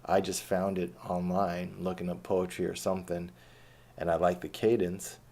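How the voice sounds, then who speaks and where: Low, gravelly male poet, unhurried and blunt, casual spoken-word delivery. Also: flat delivery, darkish tone. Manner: low-key and reflective, swearing freely. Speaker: poet reading his own work. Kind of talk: casual talk and spoken-word poetry reading.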